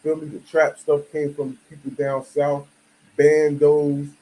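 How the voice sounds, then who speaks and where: A man's voice: fairly high pitch, level tone, slow pace, warm tone, low-quality recording. A man from the United States giving a casual, emphatic monologue full of slang and "you feel me" asides. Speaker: video commentator.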